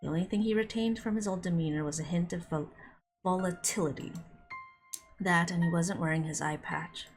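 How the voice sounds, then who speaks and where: A woman streaming a visual novel, reading its narration aloud and breaking off for quick reactions, with music under her voice. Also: on the low side. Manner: reads narration with quick asides. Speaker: game streamer.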